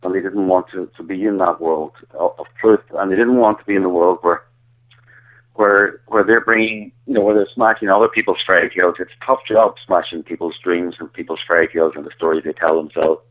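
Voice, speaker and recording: This phone-in interview guest is an Irish-accented man with a deep, fairly even voice and a brisk pace. He speaks earnestly, frequently tripping over and repeating words, and the line sounds tinny.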